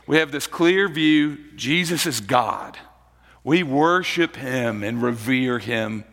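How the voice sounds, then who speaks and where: A man preaching a sermon as pastor, slow and deliberate, repeating key phrases for emphasis. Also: medium pitch, fairly bright tone, big-room sound.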